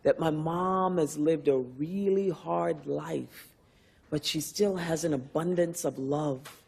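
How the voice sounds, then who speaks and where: Slow, reflective woman in her fifties. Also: sits low, vocal fry, darkish tone, a little hiss or hum. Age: 50s. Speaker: award-winning actress, interview guest. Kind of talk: press-room interview answers. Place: backstage press room.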